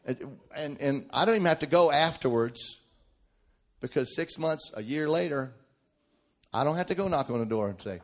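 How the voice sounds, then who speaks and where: A middle-aged man preaching a sermon, emphatic and folksy, swinging from shouted points to quiet joking asides. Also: fairly high pitch, lively intonation, normal speed.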